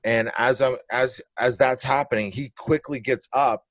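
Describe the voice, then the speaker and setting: A male comedian spins a rowdy story in loose, blunt talk, swearing as he goes. His voice is mid-range and unremarkable in pitch. The sound is dry and close to the mic. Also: normal speed, dry recording. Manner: animated, blunt, profane storytelling with acted-out moments. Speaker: comedian guest. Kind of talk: casual storytelling.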